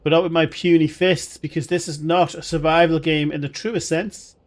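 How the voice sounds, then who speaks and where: A man's voice: a little high, level tone, normal speed. A man with a voice sitting a touch above the usual male range talks through a game live. His commentary is chatty and meandering, full of jokey asides. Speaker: streamer.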